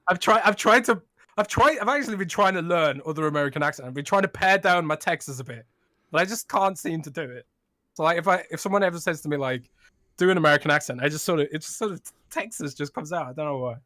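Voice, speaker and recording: A man with a bright, slightly high voice, co-hosting a gaming podcast in a jokey, easy-laughing way. His sentences often trail off quietly, on a dry, close recording. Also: expressive, quick pace, no echo. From United Kingdom. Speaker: podcast co-host, games writer. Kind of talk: casual podcast chat.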